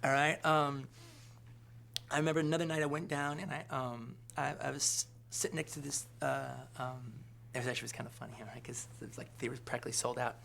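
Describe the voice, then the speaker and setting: A film director in an interview, telling an anecdote in a rambling way, full of fillers and asking "all right?" again and again. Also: male voice, mid-range voice, steady tone, quick pace, vocal fry, a bit bright, a little hiss or hum.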